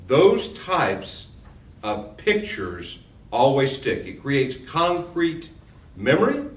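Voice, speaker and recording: A man's voice: mid-range voice, distant mic. Man lecturing emphatically in a roomy space. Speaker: law instructor. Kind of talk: recorded lecture.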